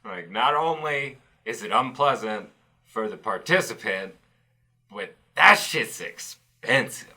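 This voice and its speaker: A man's voice: mid-range voice, animated, takes it slowly, bright, forceful tone, breathy edge. A man in casual chat, jumping in with joking comments.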